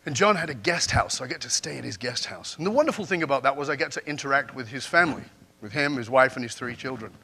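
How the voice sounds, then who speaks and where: A man's voice: mid-range voice, expressive, fast, bright, forceful tone, husky. A man giving a motivational keynote talk to a live audience on a conference stage, telling stories and asking the audience questions. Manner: storytelling, asks the audience questions. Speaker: keynote speaker.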